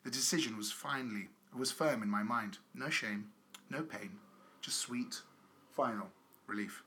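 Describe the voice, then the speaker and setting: A man's voice: medium pitch, unhurried, pushed and bright, a little hiss or hum. Man hosting, jokey banter. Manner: jokey, reads a letter in mock-solemn tone. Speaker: podcast host. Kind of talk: comedic podcast banter.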